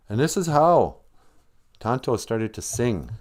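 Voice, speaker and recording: On his livestream, a man with a mid-range, slightly mellow voice tells a rambling comic story he invents as he goes. He's very animated but slow-paced, doing silly voices for the characters.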